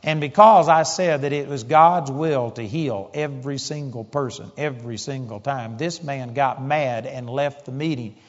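A man's voice: mid-range voice, normal speed, hardly any pauses. A man preaching a sermon, telling a story in an emphatic, conversational way. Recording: dull audio in a large hall with long reverb.

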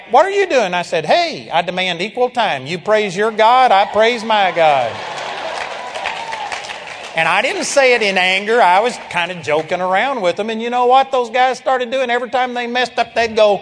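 An older man preaching a sermon, telling stories in a lively way and now and then bursting into loud shouts of praise. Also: high-pitched. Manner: storytelling, animated, breaks into loud praise shouts. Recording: long hall reverb.

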